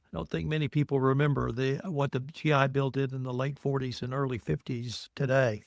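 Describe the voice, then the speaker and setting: Male podcast host, gravelly, measured, curious questioning, dry. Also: medium pitch, level tone, no echo. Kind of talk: interview questions.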